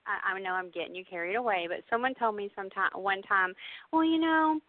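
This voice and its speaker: A woman's voice: medium pitch, fast, dry recording. A chatty Southern woman who laughs easily, a contestant on a radio game show. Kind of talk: casual radio chat. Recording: tinny phone line, dry.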